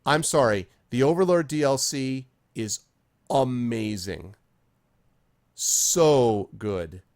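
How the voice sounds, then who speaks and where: A man on a live game stream, rambling through casual chat as he plays and answers viewers by name. His pitch swings widely from sentence to sentence, often jumping up with excitement. He sits at a middling height in pitch overall. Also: slow. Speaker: streamer reading chat while playing.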